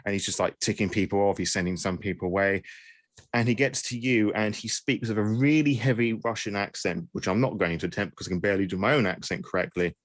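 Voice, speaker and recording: A man's voice: lowish voice, quick pace, no echo. A man narrating as game master, wry and self-mocking, with frequent restarts.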